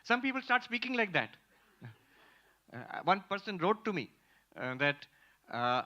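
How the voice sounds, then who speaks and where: Animated monk lecturing. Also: male voice, high voice. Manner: animated, emphatic, pauses to repeat key phrases. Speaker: monk teaching Vedanta. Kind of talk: spiritual lecture with audience Q&A. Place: lecture hall with audience. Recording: muffled lo-fi lecture recording.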